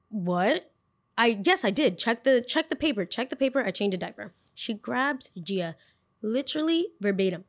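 A woman in her twenties, a podcast host, telling a story in a casual, animated way and acting out what people said. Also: mid-range voice. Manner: animated, acts out quotes, lots of "like".

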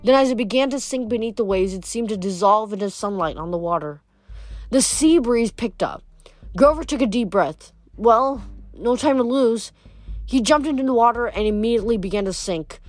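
A woman reading a novel aloud, steady and expressive. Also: medium pitch, a little fast, no echo. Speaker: reader. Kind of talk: audiobook narration.

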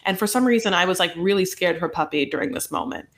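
A woman's voice: fairly low pitch, fast talker. A woman co-hosting a podcast, retelling a reality show episode in casual chat with lots of asides and "like". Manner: animated storyteller, lots of "like" and asides. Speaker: podcast co-host.

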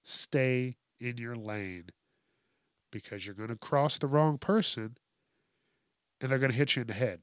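A man delivers a profane comedic news rant in an unhurried, drawn-out way, laughing often as he mocks. His voice sits at a middling pitch and sounds close and dry, with no room echo. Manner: mocking, laughs often, heavy swearing. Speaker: host.

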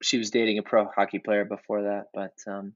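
A man's voice: on the low side, level tone, brisk, highs cut off. A man co-hosting a casual podcast, telling stories in a rambling way with many restarts. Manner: rambling storyteller, frequent restarts. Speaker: podcast co-host. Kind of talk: casual chat.

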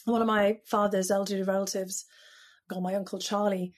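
Husky British woman recounting memories. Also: mid-range voice, level tone, fairly quick. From United Kingdom. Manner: reflective, storytelling, frequent "you know" fillers. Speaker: guest. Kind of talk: conversational interview.

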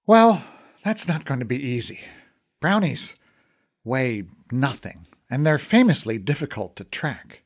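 A man voicing a gruff, blunt male companion from a fairy land in an audiobook, grumbling and cursing. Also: medium pitch, sing-song, unhurried. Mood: wry. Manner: blunt, grumbling, curses a lot. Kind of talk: audiobook character voice.

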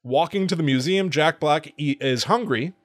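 A man's voice: fairly high pitch, moderate pace. A man hosting a podcast, casually retelling a film plot with amused laughs. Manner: amused storytelling with frequent laughs. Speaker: podcast host.

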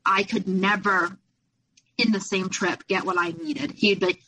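Woman, podcast guest, candid personal story, clear bright tone, animated when quoting. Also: mid-range voice, unhurried, low-quality recording. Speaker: podcast guest, abuse survivor.

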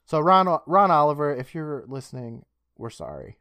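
A man's voice: fairly high pitch, sing-song, moderate pace, sharp tone, no echo. Chatty, giggly man podcast co-host. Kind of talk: casual chat reading listener questions.

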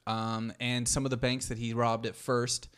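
A man's voice: mid-range voice, level tone, normal speed, fairly bright tone, clear, resonant tone. Rambling man explaining at length. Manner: rambling explanations full of "uh" and restarts. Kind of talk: casual chat.

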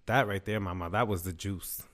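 A man's voice: on the low side, normal speed, a bit bright. A man co-hosting a casual chat, talking candidly and emphatically, with frequent swearing.

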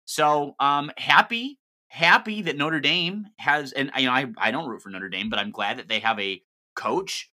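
A man's voice: a little high, moderate pace, pushed and bright. A man co-hosting a sports podcast, ranting in an impassioned, wordy way. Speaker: podcast co-host. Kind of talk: casual sports podcast chat.

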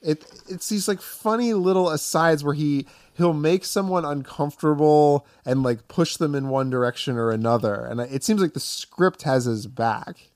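A man's voice: on the high side, normal speed, darkish tone, dry recording. A man co-hosting a podcast in casual film discussion, talking loosely with lots of fillers. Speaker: podcast co-host.

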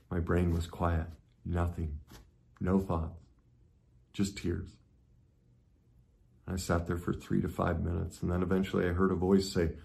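Deep-voiced man giving a heartfelt talk. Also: gravelly. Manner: swings from loud intensity to hushed reflection. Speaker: motivational speaker. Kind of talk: personal story talk.

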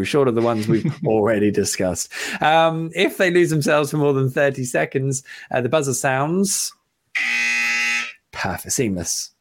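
A man hosting a relaxed football podcast chat. He talks in a hesitant, halting way, full of ums and small laughs, at an ordinary middle pitch. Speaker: podcast host.

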